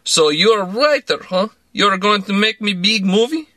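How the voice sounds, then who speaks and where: A man voicing a clownish, boastful tycoon who speaks slow, showy broken English. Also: high-pitched, animated, pushed and bright, no echo, clean studio sound, voice pushed up. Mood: joking. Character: swaggering Russian male tycoon, clownish and boastful.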